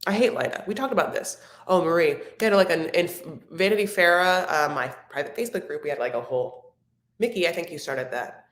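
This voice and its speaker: A woman's voice: on the low side, brisk. A woman hosting a live recap stream, chatting casually and rambling fondly to her viewers. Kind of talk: casual chat reading viewer comments. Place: home room. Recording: roomy echo.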